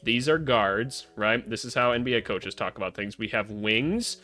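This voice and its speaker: A young adult man hosting a casual basketball commentary vlog, blunt and sarcastic and quick to swear. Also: lowish voice, pushed and bright. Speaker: basketball analyst, channel host.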